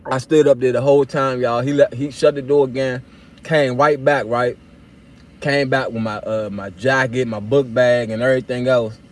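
A young man casually telling a story straight to his viewers, animated and full of slang, acting out his own replies as he goes. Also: medium pitch, moderate pace. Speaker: vlogger telling a personal story.

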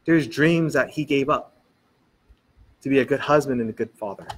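A man's voice: medium pitch, normal speed, breathy edge. A male pastor preaching a sermon in a church, telling stories and acting out what people said. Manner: animated storytelling, quoting people in dialogue.

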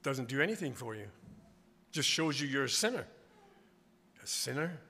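A man preaching a revival sermon in a church, swinging from quiet asides to loud, emphatic declarations. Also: medium pitch, expressive, moderate pace, slight background noise. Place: church sanctuary. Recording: long church hall reverb.

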